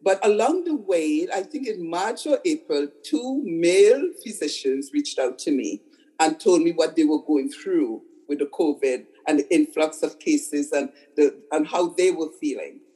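Here the older psychotherapist guest speaks in a deep, mellow voice, animated yet unhurried. She tells stories in a conversational way, repeating words to stress them, on a low-quality recording.

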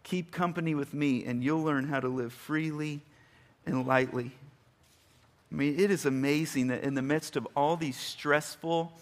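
Man, pastor, sermon, fairly high voice, emphatic, slow deliberate scripture reading. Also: steady tone. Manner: emphatic, rising to loud high bursts; reads scripture slowly and deliberately.

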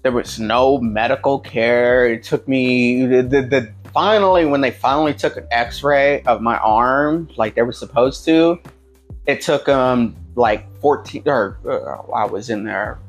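A man telling a jail story in casual chat, swearing a lot and acting out other people's shouting in a high, loud voice. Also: unhurried, soft background music. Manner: animated, acts out voices shouting at high pitch; heavy swearing, slangy.

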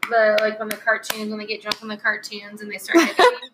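A woman's voice: medium pitch, quick pace, background noise. A woman hosting a casual podcast chat, talking in a slangy, chatty way with lots of filler words. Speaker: podcast host.

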